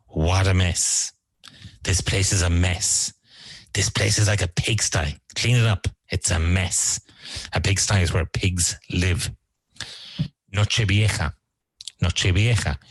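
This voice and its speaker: A man's voice: deep voice, dry recording, rough recording. A man teaching English vocabulary, repeating each word and explaining how it is used. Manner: repeats words slowly and explains them. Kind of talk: vocabulary lesson.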